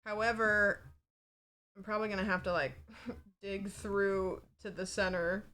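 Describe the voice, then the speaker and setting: A woman's voice: mid-range voice, fairly even intonation, measured pace, bright, forceful tone. A woman livestreamer chatting casually from a home setup, rambling and peppered with fillers and swearing.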